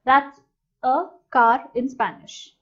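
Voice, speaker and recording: A woman teaching a language lesson, saying each new word slowly and clearly and then repeating it. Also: high voice, fairly even intonation. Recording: dull, slightly lo-fi sound.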